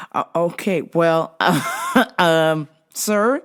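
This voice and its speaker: A young woman telling a comic work story, animated and quick to laugh. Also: on the low side. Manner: lively, laughing, swearing, animated.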